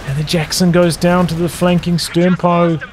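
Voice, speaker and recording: A man giving rapid play-by-play commentary on a strategy game as its caster, with exasperated outbursts. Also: high-pitched, flat delivery. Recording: noisy game audio underneath. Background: game sounds: gunfire, artillery, vehicles.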